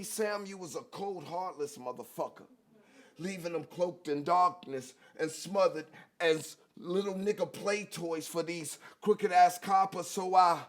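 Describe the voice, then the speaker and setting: A man performing spoken word poetry in a rhythmic, defiant delivery that swings from soft to shouted. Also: sits high. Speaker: performance poet.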